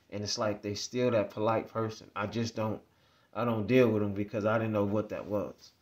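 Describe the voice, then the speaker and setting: A man's voice: medium pitch, darkish tone. Man vlogger, middle-range voice, loose rambling story talk. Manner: rambling, repetitive, conversational. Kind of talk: casual storytelling monologue.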